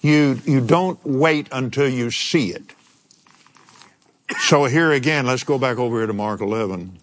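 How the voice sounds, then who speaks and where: An older man preaching a sermon, telling a personal story in an animated way and chuckling now and then. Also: mid-range voice, unhurried, a little hiss or hum.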